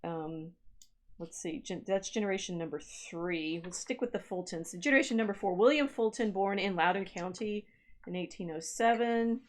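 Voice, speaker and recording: A woman's voice: medium pitch, normal speed. A woman historian co-hosting a casual livestream chat, musing aloud as she reads through family records. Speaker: podcast co-host and historian.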